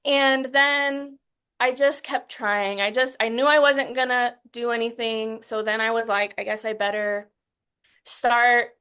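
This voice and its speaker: Her tone sharp yet smooth, a fairly high-voiced woman in her thirties is interviewed as a guest. She speaks earnestly and haltingly, restarts sentences often, and grows emotional at times recalling difficult memories.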